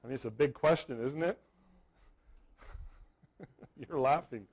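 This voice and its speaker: A man's voice: medium pitch, a little slow, creaky, darkish tone, poor audio. Guy in his 40s running a seminar, storyteller, says stuff twice for emphasis, keeps asking okay?. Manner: storytelling, repeats words for emphasis, checks in with "okay?". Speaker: wedding photography seminar presenter. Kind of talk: live seminar talk to an audience.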